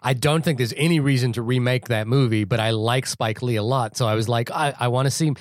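A man's voice: medium pitch, brisk, no room sound, clean studio sound. A man co-hosting a movie podcast in casual chat, opinionated and stammering as he restarts his sentences. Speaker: podcast co-host.

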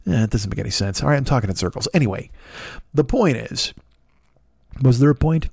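This middle-aged man speaks fairly quickly in a mid-range, gravelly voice with a breathy edge. As a podcast host he rants comically, swearing, rambling, and animatedly voicing the people he quotes, all captured in clean, dry studio sound.

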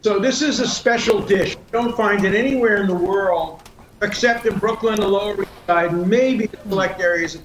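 A man's voice: sits high, moderate pace, reverberant, noisy background. An older man telling stories and tasting food as a guest in a casual studio chat, savoring each bite and talking with emphasis. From United States.

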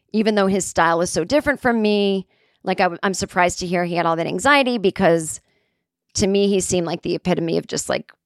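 A woman comedian hosting her podcast, telling a long story in a chatty way, with lots of fillers and sudden jumps in pitch when she gets excited. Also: no echo, studio quality. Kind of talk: casual storytelling monologue.

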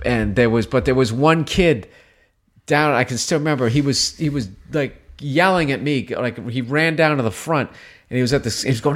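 Male comedian guest, casual storyteller, profane and animated, mid-range voice. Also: mid-range voice, brisk. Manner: profane, animated, rambling with restarts.

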